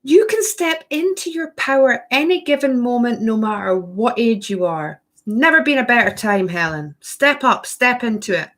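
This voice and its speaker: A woman's voice: a little high, animated, normal speed, few pauses, a bit bright. A woman hosting a spiritual workshop, chatting effusively through a casual live-stream Q&A and answering viewers by name.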